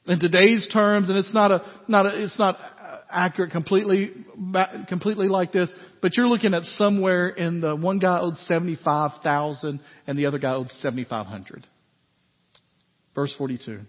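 A man preaching a sermon as pastor in a conversational, animated way, with frequent asides to his congregation. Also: sits high, moderate pace. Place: church sanctuary. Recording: echoey hall, dull lo-fi sound.

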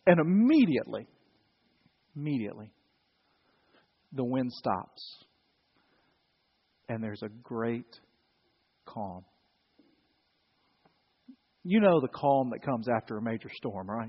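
A man's voice: mid-range voice, sing-song, unhurried, long pauses, slightly rough. A man preaching a sermon, joking with the congregation in a conversational way. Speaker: pastor. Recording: dull sound in a reverberant hall.

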